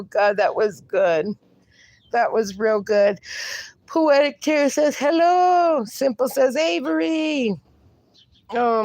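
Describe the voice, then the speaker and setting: A woman's voice: fairly high pitch, a little mellow, no room sound. A woman hosting a casual livestream, reading viewers' comments aloud and laughing often between them. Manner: laughs often, reads chat messages aloud; talks sweetly to her dog. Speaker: livestream host.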